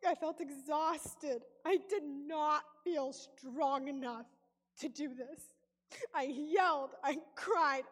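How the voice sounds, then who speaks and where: A woman telling a deeply emotional personal testimony, pausing often, her voice breaking with feeling. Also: a bit bright, long reverb tail. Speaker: speaker sharing a personal testimony.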